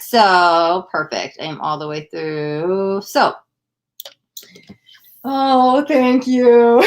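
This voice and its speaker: A woman from the United States with a fairly low-pitched voice hosts a livestream tarot reading. She gushes with thanks and chats casually, saying "like" and "oh my God" a lot.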